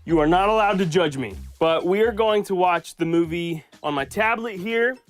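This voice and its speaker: A man's voice: high voice, normal speed, faint music behind. A man chatting casually in a home vlog, playful and jokey, cooing at his dog. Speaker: vlogger.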